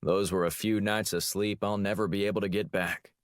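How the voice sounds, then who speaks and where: A man voicing a brusque, gruff older spy chief who loves cigars. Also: fairly low pitch, fairly even intonation, fairly quick, dry recording, clean studio sound, close to an everyday voice.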